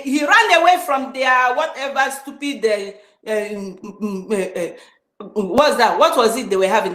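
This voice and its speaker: A high-voiced woman rants angrily and scornfully about a rival. Her voice bounces around an echoey room in an online audio call. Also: a bit bright. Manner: angry, scornful, mocking. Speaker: online group speaker. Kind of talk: heated political rant.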